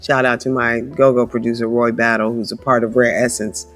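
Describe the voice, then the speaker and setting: A very deep, big, scratchy female voice speaks briskly over faint background music. As a guest singer in a laid-back interview, she tells stories with lively, conversational energy and keeps dropping "right?" asides.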